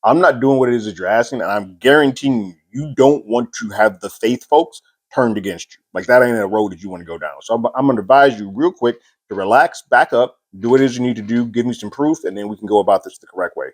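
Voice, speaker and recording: A man hosting a TV show recap talks fast in a mid-range voice, casually walking through an episode. He's chatty and amused, paraphrasing scenes with lots of fillers and laughing between points.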